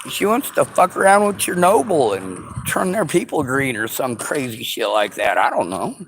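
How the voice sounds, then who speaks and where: Man, angry sarcastic rant, swearing, lively pitch, faint hiss behind. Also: normal speed. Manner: sarcastic, profane, mocking high voices. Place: vehicle.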